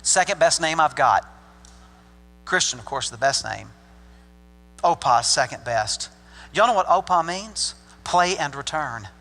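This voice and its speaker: A man's voice: fairly high pitch, animated, a little slow, long pauses, bright, forceful tone. An older man from Arkansas preaching a sermon as pastor, folksy and joking with the congregation. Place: church sanctuary. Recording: long hall reverb.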